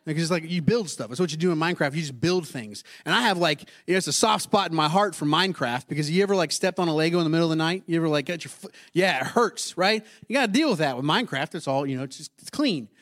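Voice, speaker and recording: Male pastor in his thirties, lilt, chatty sermon delivery, voice pitched a bit high, keeps asking the room questions. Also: fast, few pauses, a bit bright. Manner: conversational, asks the congregation questions.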